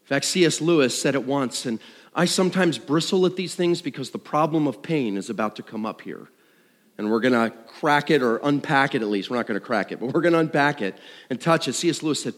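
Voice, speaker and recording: A middle-aged man preaching a sermon, swinging between loud and hushed. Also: on the high side, brisk. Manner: animated, dramatic shifts between loud and hushed. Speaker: pastor. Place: church sanctuary. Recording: long reverb of a large hall.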